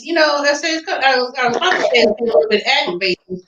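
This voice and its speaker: A woman's voice: on the high side, quick pace, a little hiss or hum. Woman host chatting casual, acts out callers as she goes, echoey room, kinda muffled lo-fi. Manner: animated, acts out callers in quoted voices. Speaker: podcast host; phone sales agent. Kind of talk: casual chat and storytelling. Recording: roomy, dull lo-fi sound.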